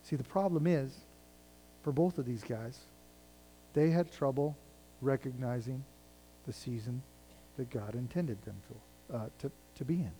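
A male pastor with a warm, mid-range voice preaches at a measured pace with frequent pauses, reading scripture and paraphrasing it in everyday language. His intensity rises and drops. The rough recording has slight background noise.

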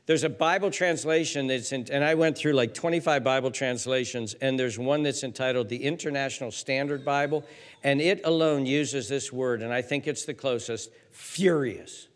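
A man's voice: medium pitch, moderate pace. A man preaching a sermon as pastor, emphatic, repeating words and building lists of words that rise as he goes.

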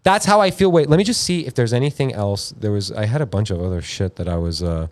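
A man hosting a podcast, ranting in an irritated, profane, animated way. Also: fairly low pitch, fast. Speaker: podcast host. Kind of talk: casual podcast rant. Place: podcast studio.

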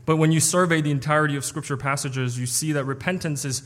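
A man's voice: fairly high pitch, fast talker, a bit bright, big-room sound. A man preaching an expository sermon, explaining a passage earnestly with some stumbles and restarts.

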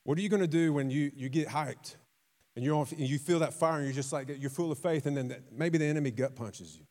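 Animated preacher man, conversational sermon. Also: fairly high pitch, quick pace. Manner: animated storytelling with acted quotes and sudden drops to a quiet voice; repeats and restarts words, conversational.

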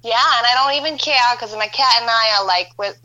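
A woman's voice: on the high side, brisk, sharp tone, dull audio. A woman, a model and actress, chatting as a podcast guest and laughing easily. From Filipino-Norwegian heritage. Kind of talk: casual chat.

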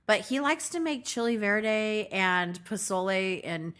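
A woman's voice: mid-range voice, animated, a little slow, a bit bright, clean tone. A woman co-hosting a podcast in casual chat, blunt and swearing freely. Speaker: podcast co-host.

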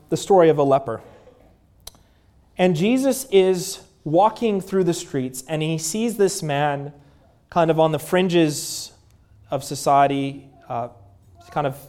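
A man in his thirties preaching a sermon in a conversational way, with fillers, dropping to a hushed voice at tender moments. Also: fairly high pitch. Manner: drops to a hushed voice at moving moments. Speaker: pastor.

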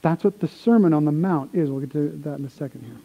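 A man preaching a sermon, swinging from quiet explanation to excited retellings of the crowd. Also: fairly high pitch, fast, highs cut off. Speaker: pastor.

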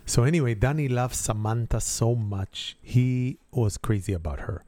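Israeli-accented man telling animated stories. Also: medium pitch, normal speed, hardly any pauses, soft background music. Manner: animated storyteller, simple non-native grammar. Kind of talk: casual family storytelling.

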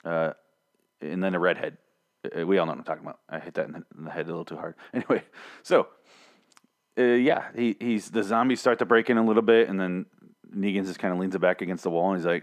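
A man's voice: deep voice, steady tone, fast talker, lo-fi sound. A man casually recapping a TV episode, rambling and swearing, with sarcastic asides.

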